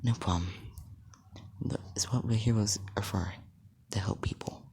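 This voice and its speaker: A man voicing a kind, caring adult superheroine, speaking in a soft, hesitant half-whisper. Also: fairly low pitch, steady tone, measured pace, creaky, breathy edge, full character voice.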